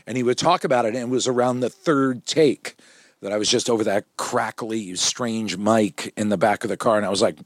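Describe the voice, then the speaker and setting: A man, a film director, telling set stories in a lively conversational way, often acting out what people said. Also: on the low side, fairly quick, no echo, studio quality. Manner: animated storyteller, quotes people in voices. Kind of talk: conversational anecdotes.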